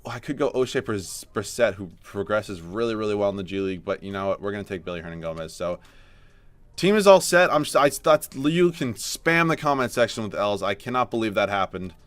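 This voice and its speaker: A man's voice: fairly low pitch, expressive, fairly quick, fairly bright tone. A young man commenting on his own sports video game, frustrated and self-mocking, then pushing himself to sound upbeat. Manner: frustrated and self-mocking, swinging to forced cheer. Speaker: gaming YouTuber.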